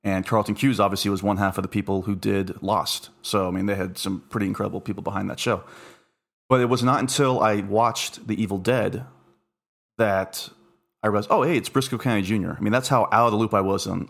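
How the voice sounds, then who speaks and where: A man's voice: fairly low pitch, fairly even intonation, fairly quick, creaky, a bit bright. A man hosting a casual podcast, easygoing and teasing as he steers the talk. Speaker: podcast host.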